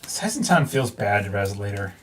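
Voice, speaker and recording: A man's voice: lowish voice, big pitch swings, normal speed, recorded from a distance, slight background noise. A man co-hosting a live card-game stream, chatting casually with wry, joking asides. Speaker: co-host.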